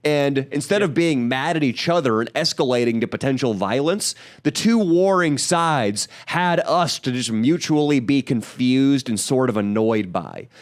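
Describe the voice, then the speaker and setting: A man's voice: medium pitch, moderate pace, few pauses. A man co-hosting a podcast in crude, rambling casual banter. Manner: animated, rambling, crude jokes. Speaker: podcast co-host.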